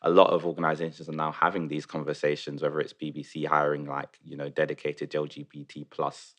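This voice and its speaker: A man's voice: rumbling low, completely flat delivery, fairly quick, fairly bright tone. A young man in his twenties, a newspaper journalist, talking in a casual round-table chat. He sounds upbeat and rambles with many "you know"s. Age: 20s. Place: kitchen table.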